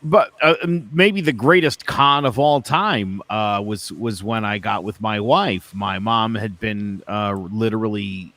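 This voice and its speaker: Male podcast co-host, relaxed storyteller, self-deprecating, dry studio sound. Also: on the low side, a little slow, hardly any pauses, no echo. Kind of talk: casual podcast chat.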